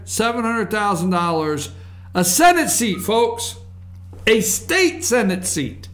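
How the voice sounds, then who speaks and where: A man's voice: sits high, fairly bright tone. A man hosting a political commentary show, ranting sarcastically and mocking people's voices.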